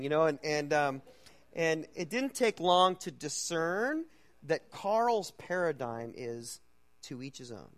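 A man preaching to an audience, telling a personal story in a loose, halting way with many fillers and restarts. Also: a little high, lively intonation, a bit bright.

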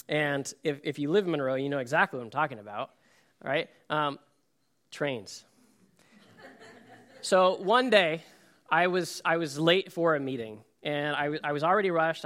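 A middle-aged man preaching a sermon, telling stories and acting out quotes with laughter. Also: fairly high pitch. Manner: storytelling, animated, acts out quotes with laughs. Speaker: pastor.

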